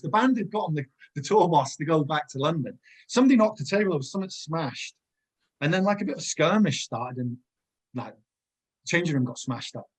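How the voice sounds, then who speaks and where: Husky middle-aged man telling stories. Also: a little high. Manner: rambling anecdotal storytelling, many restarts. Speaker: guest, former footballer. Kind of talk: casual podcast chat.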